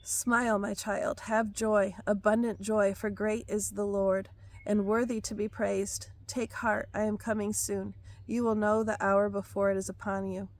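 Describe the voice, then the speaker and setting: Hoarse woman in a flat, solemn delivery. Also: medium pitch, no room sound. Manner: slow, solemn, measured. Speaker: prophetic devotional speaker. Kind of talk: reading prophetic messages aloud.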